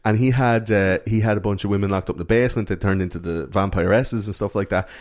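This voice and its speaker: A man's voice: lowish voice, fast. A man, hosting a podcast, casually retelling film scenes with plenty of swearing. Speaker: podcast host.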